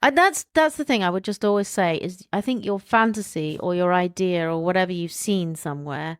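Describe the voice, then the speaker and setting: A woman's voice: on the low side, fairly quick, smooth, dry recording, studio quality. Frank chatty woman co-host. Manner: frank, chatty, gives sensible advice. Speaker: podcast co-host. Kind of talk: casual chat.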